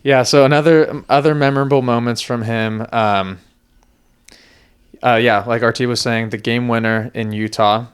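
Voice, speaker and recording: A man co-hosts a casual sports podcast in a smooth, resonant voice. He talks eagerly and rambles, leaning on fillers as he goes. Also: mid-range voice, fairly even intonation, normal speed. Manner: eager, rambling fan talk with many fillers. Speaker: podcast co-host.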